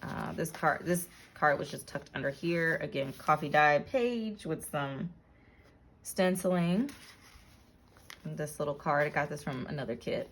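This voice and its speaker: Leafing through a journal she made by hand, a woman talks in a relaxed, casual way, often saying um and correcting herself. She has a deep voice and speaks a little slowly, with a faint hiss or hum in the audio.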